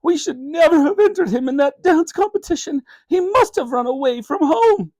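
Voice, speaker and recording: A man voicing a distraught, tearful mother in a children's storybook reading, with a high, wailing voice. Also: huge pitch swings, measured pace, mellow, no room sound, exaggerated voice.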